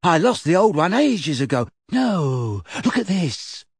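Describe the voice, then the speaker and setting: Man voicing a shy eager schoolboy, higher and excited, dry sound. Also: a little slow, breathy edge, no echo, full character voice.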